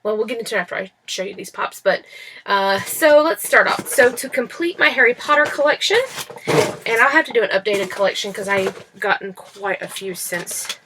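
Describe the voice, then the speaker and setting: A woman's voice: mid-range voice, lively intonation, normal speed, noisy background. A woman vlogging about a toy haul in casual chat at home, rambling with many fillers and restarts, recorded on a laptop microphone. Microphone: laptop built-in mic.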